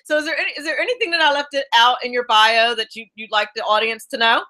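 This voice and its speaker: Bright-voiced woman radio host. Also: on the high side, steady tone, fast talker. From South Jersey, US. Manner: warm chatty storyteller, many restarts, laughs easily. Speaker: radio talk show host. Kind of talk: casual radio interview chat.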